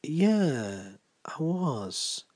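A man's voice: fairly high pitch, sing-song, very slow, darkish tone, voice pushed up, full character voice. A man voicing a scruffy, meek vagabond who mumbles hesitantly. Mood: sheepish. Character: scruffy down-on-his-luck vagabond storyteller, meek.

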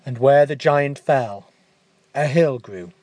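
A man narrating a fairy tale in a gentle, unhurried storytelling manner. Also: medium pitch, no echo.

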